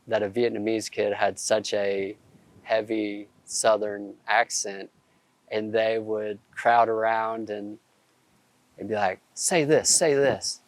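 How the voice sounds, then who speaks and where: Slow, flat-voiced man with an Arkansas accent. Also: on the low side, dry recording. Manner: hesitant, restarts phrases. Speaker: interviewee. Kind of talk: reflective interview answers. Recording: soft music underneath.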